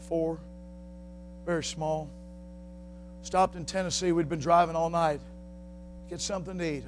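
A middle-aged male preacher giving a sermon, shouting at the top of his voice at times and dropping to quiet storytelling at others. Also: fairly high pitch, a little hiss or hum.

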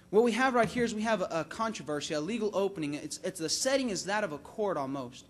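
Male preacher, very high voice, impassioned, repeats phrases for emphasis. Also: lively intonation, fast talker, hardly any pauses, fairly bright tone. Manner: impassioned, rises to emphatic peaks then drops low on key words. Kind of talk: sermon.

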